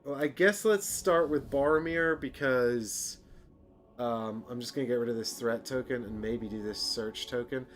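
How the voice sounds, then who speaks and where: A man's voice: mid-range voice, normal speed. A man playing a board game and thinking aloud, sighing and cursing openly when things go wrong. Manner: emotional, sighs and curses at bad luck. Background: background music.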